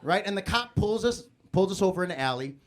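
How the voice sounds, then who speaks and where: Man, stand-up comedian, live club set, slightly high voice, animated storyteller, handheld mic. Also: fast. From born in the Philippines, grew up in Chicago. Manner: animated storytelling, acting out scenes.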